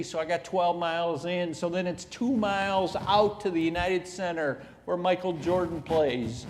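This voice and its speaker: Male motivational speaker, animated storytelling, unhurried pacing, conference-hall reverb. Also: on the high side. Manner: emphatic and animated, swings between loud and hushed. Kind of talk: storytelling keynote speech.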